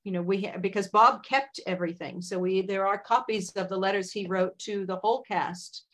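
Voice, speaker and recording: Woman recounting at a measured pace. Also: medium pitch, fairly even intonation, fairly bright tone. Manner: measured, with many fillers and asides. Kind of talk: conversational interview.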